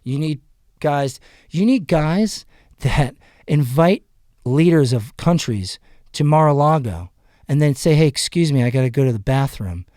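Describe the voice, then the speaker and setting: A man's voice: fairly high pitch, unhurried, no echo. Dry, close American man telling a story. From United States. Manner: animated, quotes others in raised voices, swears. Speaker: podcast guest. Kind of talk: casual storytelling chat.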